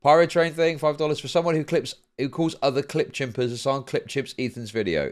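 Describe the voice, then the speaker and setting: Brief: male streamer, mid-pitched voice, deadpan reading of donations, long rambling explanations. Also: fast talker, few pauses. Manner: dry, repeats "indeed" flatly; explains at length with many fillers. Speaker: streamer reacting to a video.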